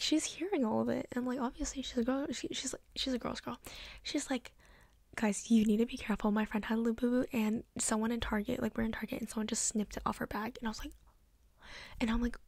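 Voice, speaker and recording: A young woman with a breathy, half-whispered voice, rambling chattily through a soft-spoken ASMR story with lots of "like". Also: a little high, no room sound. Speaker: ASMR creator.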